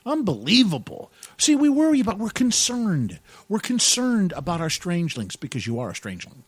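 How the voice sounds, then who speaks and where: Excitable and jokey, a man co-hosts a casual radio talk show, laughing often and dropping "dude" and "man" throughout. His high, husky voice moves fairly quickly, recorded with no echo, in easygoing podcast banter.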